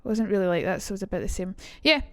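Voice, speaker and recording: A young woman with a Scottish accent chatting casually on a live stream, quick and swearing now and then. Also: medium pitch, expressive, fairly bright tone, dry recording. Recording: dry room, faint music.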